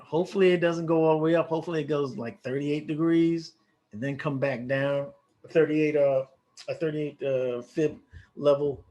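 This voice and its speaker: A man who walks viewers through a live trade as a trading educator. He talks in a casual, excitable way, with quick exclamations and a lot of restarts. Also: fairly high pitch.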